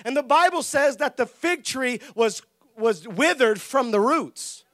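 A man preaching a lively sermon with humor, laughing often, shouting for emphasis and acting out the people in his stories. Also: very high-pitched, measured pace. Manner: acts out quoted voices.

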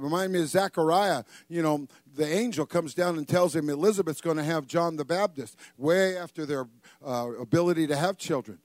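An older man preaching a sermon, joking and acting out voices, with sudden loud bursts. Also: a little high, a little fast, dry recording. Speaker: pastor.

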